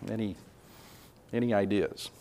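A man teaching a conversational Bible class, relaxed and hesitant with many filler sounds, putting questions to the group. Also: fairly low pitch, takes it slowly, a little hiss or hum. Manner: asks the group questions and reads scripture aloud.

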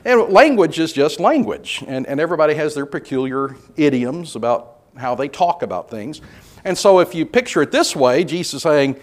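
A man teaching a conversational Bible class, relaxed and hesitant with many filler sounds, putting questions to the group. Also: a little high, normal speed. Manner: asks the group questions and reads scripture aloud.

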